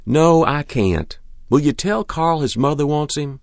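A man's voice: on the high side, expressive, measured pace, creaky, dry recording, pitched above the performer's own voice. A man voicing a shy, earnest, polite boy. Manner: quiet, polite denials.

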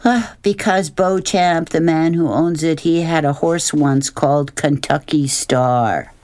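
Man doing a withdrawn boy, terse and subdued, voice lifted higher, storybook. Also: slow pace, a little mellow, no echo. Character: quiet withdrawn young boy.

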